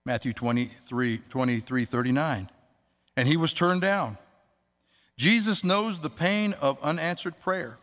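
A man preaching a sermon, earnest, slowing down to stress words and quoting scripture. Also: fairly high pitch, animated, a bit bright. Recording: long hall reverb.

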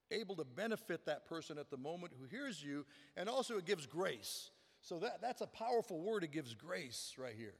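A man's voice: on the high side, long reverb tail. A man preaching a sermon as pastor, earnest and emphatic, often repeating words for stress.

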